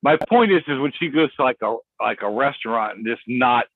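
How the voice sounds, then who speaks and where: A man talking as a guest on a call, insistent and halting, repeating words as he makes his point. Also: medium pitch, no room sound. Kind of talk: casual chat. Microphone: online call. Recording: tinny phone-like line.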